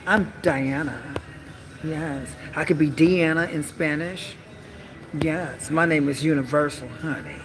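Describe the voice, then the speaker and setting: A woman's voice: deep voice, a little slow. A woman giving a sassy, bawdy comedy monologue on a live stream, calling listeners honey.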